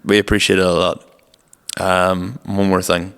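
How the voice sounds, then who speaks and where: A man's voice: deep voice, little pitch movement, a little slow, gravelly, fairly bright tone, smooth. A young man co-hosting a podcast, telling rambling stories with casual swearing. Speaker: podcast co-host. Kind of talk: casual chat. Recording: long reverberant room.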